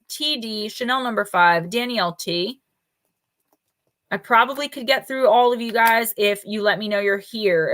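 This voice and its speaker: A woman's voice: medium pitch, pushed and bright. A woman hosting a live oracle card reading stream, talking casually and informally and calling out viewers by name. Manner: chatty and informal, with loose fillers and mild swearing.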